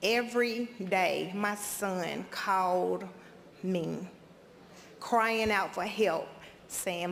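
Emotional woman speaking slowly in a hall. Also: mid-range voice, gravelly, fairly bright tone, slight background noise. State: emotional, close to tears. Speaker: interviewee, mother of an inmate. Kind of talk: emotional interview testimony.

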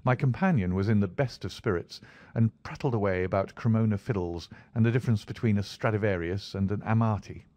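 A man reading a classic novel aloud in steady, plain narration on a close mic. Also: lowish voice, brisk, no echo. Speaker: audiobook reader.

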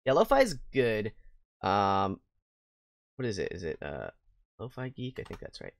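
A young American man chatting playfully while streaming a game, prone to excited squeals. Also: fairly low pitch, a little slow, vocal fry, pauses often, dry recording, clean studio sound. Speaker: VTuber streamer. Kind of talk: casual gaming stream chat.

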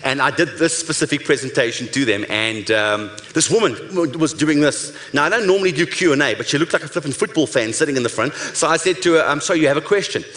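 A man's voice: a little high, lively intonation, fast talker, hardly any pauses, a bit bright, roomy sound. A man giving a humorous keynote talk on stage, telling stories with punchlines and acting out quotes. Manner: storytelling with punchlines, acted-out quotes. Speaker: speaker. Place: stage before a live audience.

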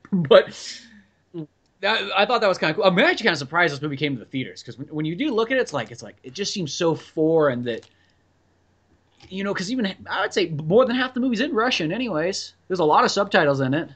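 A man on a casual film podcast with a slightly high voice that swings widely in pitch. He rambles cheerfully, laughing now and then as he talks. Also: quick pace. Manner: lively, rambling, chuckling asides. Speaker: podcast co-host. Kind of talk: casual movie chat.

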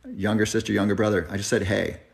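A man in his thirties with a gravelly, creaky voice answers viewer questions live. He speaks earnestly and reflectively, pausing to think, in a lowish register. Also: level tone. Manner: earnest, reflective, tearing up at times. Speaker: health channel host. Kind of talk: live Q&A chat. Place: driving, in a car.

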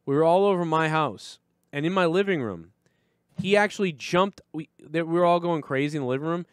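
A man's voice: on the high side, lively intonation, fairly quick, clear, resonant tone, dry recording, studio quality. A man hosting a live show, telling profane, rambling stories in casual chat.

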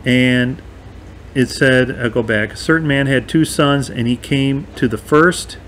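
A man teaching through scripture verse by verse, talking in a conversational and emphatic way. His voice sits at an ordinary middle pitch. A faint hum of air conditioning runs behind him. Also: unhurried, a bit bright. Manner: conversational, emphatic, asks listeners "right?". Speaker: bible teacher. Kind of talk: verse-by-verse bible study.

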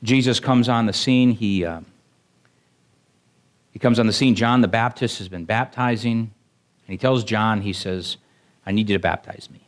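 A man preaching a sermon to a congregation. He makes joking asides to them and builds up to excited exclamations. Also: on the low side, measured pace, pauses often. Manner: animated, rising to exclamations. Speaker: pastor.

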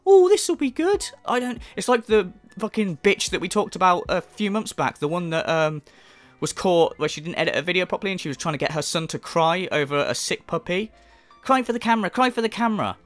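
A man's voice: high-pitched, expressive, fairly quick, fairly bright tone, faint music behind. A man ranting in commentary, exasperated and profane, incredulous at what he describes. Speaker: commentary video host.

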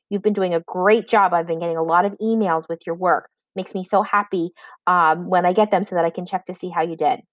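Here a female reading teacher leads a recorded spelling session for children, dictating words slowly and plainly with sample sentences. Her pitch is medium, there's no echo, and the audio is dull.

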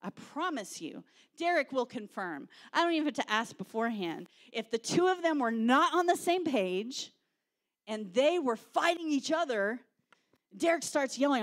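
A woman pastor, preaching a sermon with animated storytelling and shouted quotes. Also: high voice, moderate pace.

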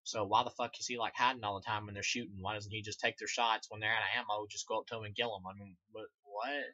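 A man's voice: fairly low pitch, little pitch movement, quick pace, sharp tone, dry recording. A man giving a casual, rambling movie review, swearing freely and laughing at his own remarks, on a dull lo-fi recording. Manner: rambling, profane, laughs often. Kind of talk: casual spoken film review.

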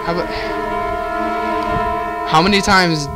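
A man's voice: high-pitched, steady tone, slow, loud music behind the voice. A young man giving let's play commentary, exasperated and swearing heavily, talking straight to the game. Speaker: gaming video host.

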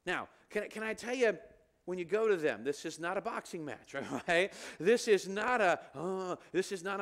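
Middle-aged pastor guy preaching, pretty high voice, gets loud and emphatic. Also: normal speed. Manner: animated, rising to loud emphatic peaks. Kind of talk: sermon. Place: church sanctuary.

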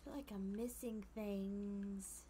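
A young woman streamer chatting casually while she plays a game, animated and giggly, squealing at surprises and murmuring quiet asides. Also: medium pitch, takes it slowly, slight background noise. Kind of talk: casual gameplay commentary.

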